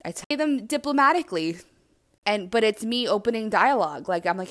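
A woman hosting a podcast, talking alone in a blunt, animated and self-reflective way and swearing freely. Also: mid-range voice, a little fast. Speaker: podcast host. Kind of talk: candid solo monologue.

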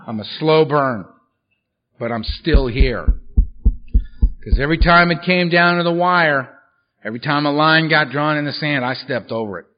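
A man's voice: fairly high pitch, moderate pace. A man giving a recovery workshop talk, telling his own story in a blunt, profane and humorous way, on a dull lo-fi recording. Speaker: workshop speaker at a recovery meeting.

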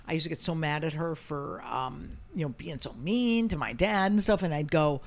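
A man's voice: on the high side, normal speed, creaky. A man hosting a podcast, telling stories in casual chat and acting out what people said. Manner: profane, animated storyteller who acts out quotes. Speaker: podcast host and comedian.

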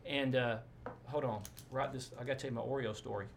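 A man, a pastor, telling stories in a casual interview, rambling and animated with many asides. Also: medium pitch, brisk, noisy background.

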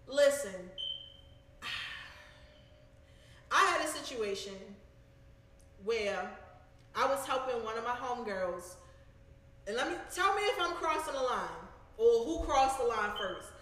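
Blunt high-voiced woman in an echoey room. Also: a little slow, long pauses. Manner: blunt, animated, profane. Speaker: show host. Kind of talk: casual storytelling chat.

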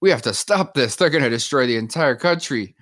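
A man's voice: mid-range voice, lively intonation, a little fast, fairly bright tone, pitched above the performer's own voice, natural voice. A man voicing alarmed male scientists in a monster movie, urgent and panicked.

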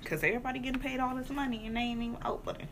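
A woman's voice: fairly high pitch, fairly even intonation, racing, slight background noise. A woman co-hosting a podcast, telling a story in laid-back, profane casual chat. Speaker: podcast co-host.

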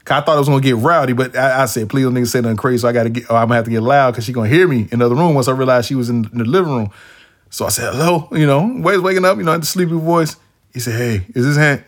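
Fast-talking animated man telling stories. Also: medium pitch. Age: adult, past his younger days. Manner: animated storyteller, acts out quotes in shifting voices; swears freely, slangy street talk. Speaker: podcast host. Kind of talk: casual storytelling chat.

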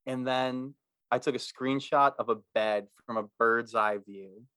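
A relaxed man chatting as a podcast co-host, his voice sitting in a middle register. He laughs easily and talks in an easygoing way. The sound is dry and close. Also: medium pitch, unhurried, clean tone, no echo. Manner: laid-back, laughs easily. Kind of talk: casual chat.

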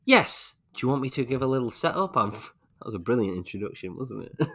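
A man's voice: medium pitch, very animated, fairly quick, fairly bright tone. A man co-hosting a podcast, chatting casually and joking about what he watches. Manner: chatty, jokey, laughs often. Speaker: podcast co-host. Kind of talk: casual chat.

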